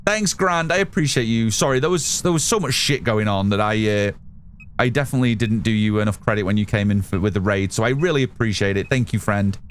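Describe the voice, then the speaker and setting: A UK man with a lowish voice talks a little fast while playing a game on a live stream. He reads out and replies to chat in a relaxed, chatty way, and there's a little hiss or hum.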